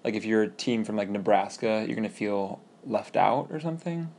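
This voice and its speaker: A man's voice: lowish voice, lively intonation, brisk, a little mellow, slight background noise. A man co-hosting a casual podcast, asking playful, joking questions. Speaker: co-host.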